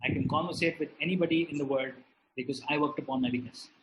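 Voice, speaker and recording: A middle-aged man gives a motivational talk in a high, lively voice, stopping often to ask his listeners questions. The room is echoey. A faint hiss sits under the voice. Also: fast. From India. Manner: animated storytelling with audience questions. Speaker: motivational speaker. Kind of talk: motivational talk to an online audience.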